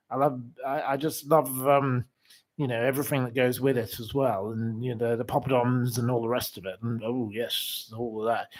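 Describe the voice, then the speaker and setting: A man hosting a casual livestream from a room in a house, chatting and reading out viewer comments in a rambling way full of fillers and flamboyant asides. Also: mid-range voice. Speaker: livestream host.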